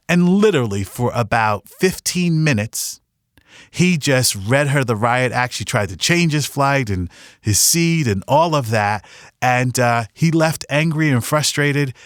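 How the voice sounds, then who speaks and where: A man's voice: medium pitch, dry recording. A man hosting a podcast, giving an earnest, upbeat motivational talk with a story from his past, on a studio mic. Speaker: podcast host. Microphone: studio microphone.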